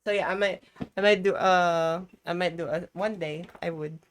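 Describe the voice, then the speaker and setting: A woman's voice: on the low side, steady tone, moderate pace, slight background noise. A woman streamer chatting casually on a live stream, rambling and exclaiming as she talks.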